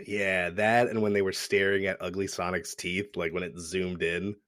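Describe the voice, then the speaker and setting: Male podcast co-host, low-pitched, laid-back storyteller; dry, close sound. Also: flat delivery, normal speed, fairly bright tone, no room sound. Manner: easygoing, recounting scenes with laughs. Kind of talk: casual movie-review chat.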